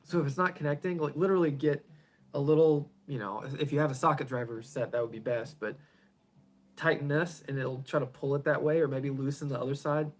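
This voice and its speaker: A man's voice: mid-range voice, steady tone, a little fast. Man, casual live-stream chat, rambling, chuckling, trailing off, home garage. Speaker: pedal builder hosting a live stream.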